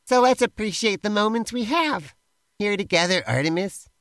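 An upbeat man hosts comedy banter in a slightly high, gravelly voice. His pitch bounces widely as he playfully pushes his partner around. He sounds teasing and improvised. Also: animated, normal speed, fairly bright tone, no echo. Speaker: co-host.

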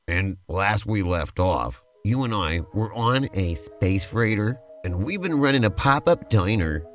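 A man's voice: lowish voice, very animated, unhurried, faint music behind. A man hosting a podcast and narrating a playful tabletop-style role-play adventure as game master, in an easygoing, rambling way.

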